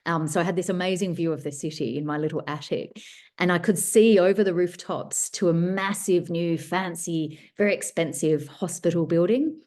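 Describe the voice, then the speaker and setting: Low-voiced woman author on a call. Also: fairly even intonation, moderate pace, darkish tone. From Australia. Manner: thoughtful, rambling with restarts. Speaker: guest author. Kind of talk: casual workshop answer.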